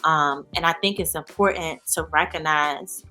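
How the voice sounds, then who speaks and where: A woman speaking as an interview guest in a candid, animated way, full of "you know" and "like". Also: deep voice, moderate pace, soft background music. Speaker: guest, founder of a support organization. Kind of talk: casual interview chat.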